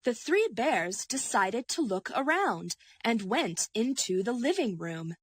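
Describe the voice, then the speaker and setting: A woman narrating a children's story slowly and expressively. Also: a little high, husky, no echo. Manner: slow and expressive.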